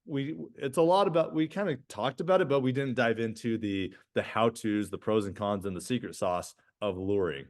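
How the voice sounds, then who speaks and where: A man's voice: fairly low pitch, moderate pace, few pauses. A man co-hosting a podcast, chatting casually and animatedly, restarting sentences and tagging them with "right?". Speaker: podcast co-host.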